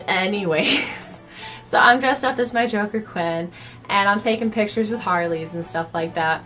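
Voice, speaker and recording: A woman's voice: medium pitch, moderate pace, a bit bright, soft background music. A young adult woman telling a casual storytime, chatty and full of "like" fillers. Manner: chatty, filler-heavy with frequent "like". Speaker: cosplay vlogger.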